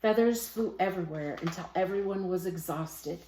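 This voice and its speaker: A woman teacher reads a children's picture book aloud in a fairly low voice. The room around her rings with a noticeable echo. She gives the characters lively voices. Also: moderate pace, a little hiss or hum. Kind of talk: storybook read-aloud.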